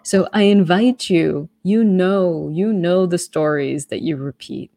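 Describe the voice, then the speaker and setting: A woman guest on a talk show, calmly explaining her ideas. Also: lowish voice, unhurried, no echo, clean studio sound. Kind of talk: casual spiritual conversation.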